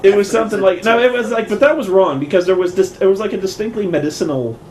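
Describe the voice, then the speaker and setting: A man's voice: high voice, fast, slight background noise. A man casually telling a rambling, profane story and acting out what others said. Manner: animated, profane, acts out quotes.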